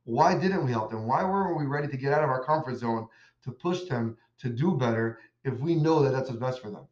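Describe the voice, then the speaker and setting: A man's voice: medium pitch, a little fast, darkish tone. Man teaching a Torah lesson in an echoey room. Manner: emphatic rhetorical questions. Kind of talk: religious lesson with storytelling. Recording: echoey room, dull lo-fi sound.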